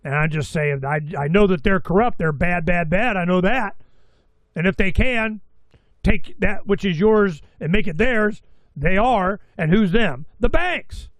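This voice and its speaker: Older guy ranting about politics, swears a lot, kinda high voice, dry sound. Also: unhurried, no echo. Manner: blunt, ranting, swears freely. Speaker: show host. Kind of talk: casual political commentary.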